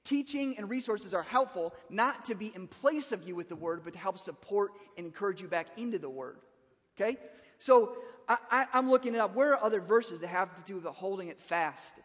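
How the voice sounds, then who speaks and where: A man's voice: sits high, lively intonation, brisk, fairly bright tone, in a large hall. A man preaching a sermon as pastor, talking conversationally and repeating words as he starts a thought.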